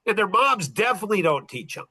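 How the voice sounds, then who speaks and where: A man's voice: sits high, very animated, quick pace, sharp tone, slightly rough. A middle-aged man hosting a podcast in casual talk, blunt and rambling, often repeating himself. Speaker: podcast host.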